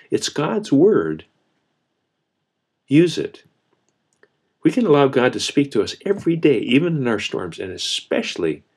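A man's voice: mid-range voice, darkish tone, slightly rough. A man preaching a sermon as a pastor, earnest and repeating key phrases for emphasis.

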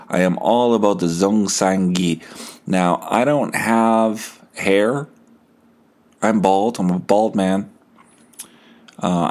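Deep-voiced sarcastic man rambling. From Canada. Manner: sarcastic, joking deadpan. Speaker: podcast host. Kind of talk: rambling solo podcast talk.

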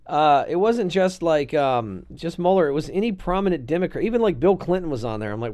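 A man's voice: a little high, animated, fairly quick, few pauses, darkish tone. A man in his thirties in casual political chat as a podcast co-host, joking and rambling. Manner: jokey, rambling, acts out silly scenarios.

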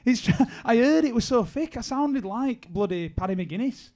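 A man's voice: very high-pitched, animated, moderate pace, darkish tone. A young man with a northern English accent, a singer chatting casually and laughing at himself. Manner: laughing, self-mocking banter. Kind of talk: casual chat.

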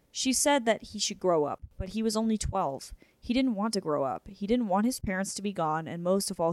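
A young woman hosting a podcast, reading a book chapter aloud in a casual, steady way. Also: fairly low pitch, dry recording. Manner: casual, chatty intro then steady reading.

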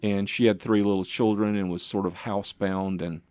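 An older man speaks in a low voice, recounting his years of ministry with earnest warmth and an easy laugh. The sound is close and dry, with no room around it. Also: fairly even intonation, moderate pace, no echo. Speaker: pastor and guest.

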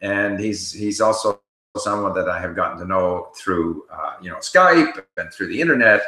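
A man hosting a casual live Q&A, reading viewer questions aloud and answering them in a relaxed, explanatory way while he thinks aloud. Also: sits low, normal speed, roomy sound, low-quality recording.

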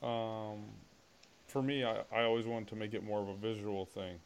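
A man's voice: lowish voice, steady tone, moderate pace. A man hosting a casual podcast chat, telling stories and leading the talk. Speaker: podcast host. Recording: clear background noise.

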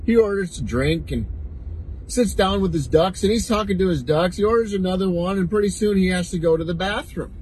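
A man telling a street joke with a lively storytelling manner. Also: high voice, fairly quick, slight background noise, poor audio. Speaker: joke teller.

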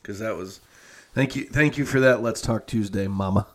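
A man's voice: lowish voice, moderate pace. A young adult man hosting a podcast in casual chat, rambling and swearing freely, with many fillers and restarts. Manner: rambling and heavily profane, with frequent fillers and self-corrections. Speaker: podcast host.

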